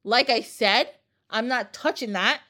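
A woman voicing a bold, blunt pirate queen in a flat, dismissive way. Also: a little high, unhurried.

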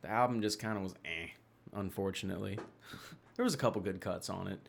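A man's voice: deep voice, fast talker, gravelly, a little hiss or hum. A young man from Tennessee, chatting as a podcast guest. He rambles from thought to thought, swears freely and laughs often. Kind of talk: casual chat.

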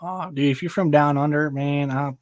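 A man with a somewhat high voice co-hosts a relaxed chat show. He laughs easily and reads listener messages aloud. The sound is dry and close. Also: brisk, dry recording. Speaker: podcast co-host. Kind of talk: casual chat.

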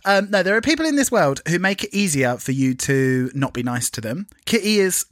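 A man co-hosting a podcast in casual chat, animated and giggly, swearing freely. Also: high-pitched, a little fast, dry recording, studio quality. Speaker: podcast co-host.

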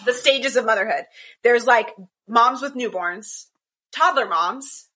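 A woman's voice: a little high, unhurried, pushed and bright, breathy edge. A woman co-hosting a casual chat over a call, rambling with many restarts. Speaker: podcast co-host. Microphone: video call.

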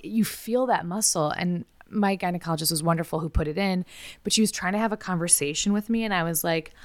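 A woman's voice: on the low side, dry recording. A woman co-hosting a podcast, chatting casually with frequent swearing and joking asides. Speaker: podcast co-host. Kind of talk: casual chat.

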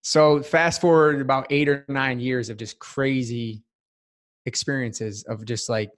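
A man's voice: medium pitch, fairly even intonation, measured pace. A man, a guest in a casual interview, telling a personal story in an earnest, heartfelt way with many fillers. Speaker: podcast guest.

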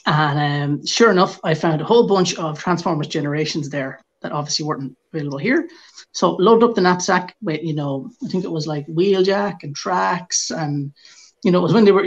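A man's voice: fairly high pitch, muffled recording. A man with an Irish accent on a podcast, telling a casual anecdote and acting out the quotes. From Ireland. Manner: animated anecdote teller, acts out shouted quotes. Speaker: podcast co-host. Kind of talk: casual storytelling.

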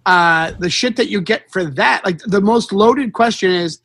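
A stand-up comedian chatting casually, his voice high and bright. He tells stories from stage in an animated way, swearing freely and acting out each line of dialogue. The sound is dry and close, with no room around it. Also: normal speed, breathy edge, no echo. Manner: animated storytelling, swears freely, acts out quotes. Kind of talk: casual chat.

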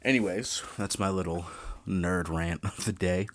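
Young guy with a deep voice doing his podcast, swears a ton, rants loose and animated. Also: measured pace. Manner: profane, ranting, animated. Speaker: true crime podcast host. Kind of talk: casual podcast monologue.

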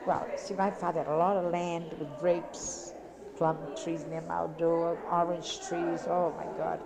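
An older woman from Italy, talking about her past in an interview in a rambling, repetitive, animated way. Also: fairly low pitch, measured pace, vocal fry. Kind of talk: casual reminiscing. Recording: crowd chatter behind.

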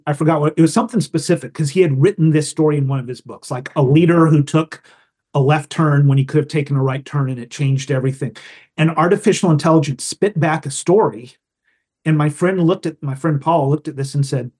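A man's voice: a little high, quick pace, darkish tone, husky. A man, a guest on a podcast, talking in a casual, thoughtful way and explaining his ideas through examples and anecdotes. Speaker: guest storyteller.

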